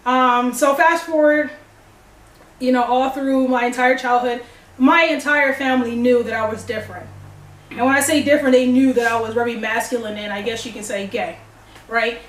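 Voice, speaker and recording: Young woman, kinda high voice, telling her story all animated, roomy sound from away from the mic. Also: normal speed. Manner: animated, acts out dialogue. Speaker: vlogger. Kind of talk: personal storytelling. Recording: echoey room, distant mic.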